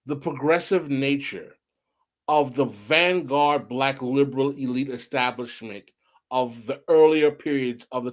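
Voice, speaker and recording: A male podcast host with a lively voice that swings widely in pitch. He presses his points in an emphatic and provocative way and drives the conversation forward. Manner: emphatic, provocative, animated questioning. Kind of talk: interview.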